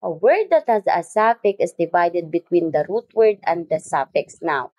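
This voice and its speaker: A woman's voice: on the low side, lively intonation, moderate pace, darkish tone, low-quality recording. A woman teacher giving a phonics lesson in English, repeating each word and spelling out its syllables.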